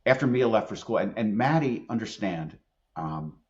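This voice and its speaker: A middle-aged man with a fairly low voice speaks as a podcast guest, earnest and emphatic as he tells stories. The sound is dull and a little lo-fi. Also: expressive, normal speed, darkish tone. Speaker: employment attorney and leadership expert guest. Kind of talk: conversational podcast interview.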